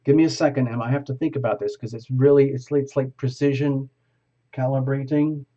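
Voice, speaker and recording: A man with a mid-pitched, dark and mellow voice talks a single viewer through a tarot reading, improvising as he goes. His voice sits in the middle of the range. The sound is dull and lo-fi, like a home camera mic. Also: fairly even intonation, a little fast. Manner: improvising, talking step by step to the viewer. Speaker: tarot reader. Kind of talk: live video reading to a viewer.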